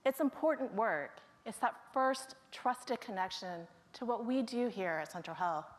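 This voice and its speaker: A woman's voice: on the high side, animated, unhurried. A woman speaking to her colleagues at a staff meeting, telling the stories of coworkers one by one in a storytelling manner. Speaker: staff member presenting to colleagues.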